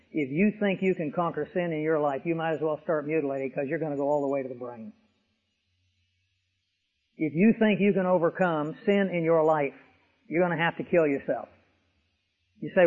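Heard through a tinny radio broadcast with long reverb, a pastor delivers an emphatic expository sermon filled with vivid illustrations. His voice is fairly high in pitch with a darkish tone.

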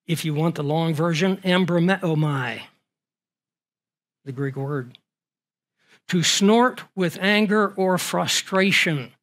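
A man's voice: a little high, slow, long pauses, fairly bright tone. A man preaching a sermon, earnest and full of rhetorical questions, his voice swelling and dropping for emphasis.

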